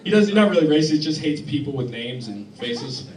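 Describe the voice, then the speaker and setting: A man performing a deadpan stand-up set in a club, halting and restarting often, recorded by a phone in the crowd. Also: a little high, roomy sound, distant mic, slight background noise. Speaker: stand-up comedian. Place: club hall with live audience laughing.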